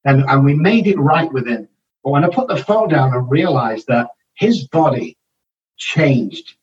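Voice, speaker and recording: A man's voice: medium pitch, lively intonation, measured pace, distant mic, muffled recording. An older man, a guest on an interview podcast, talking bluntly and motivationally about addiction recovery, swearing freely. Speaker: addiction counselor and author, guest.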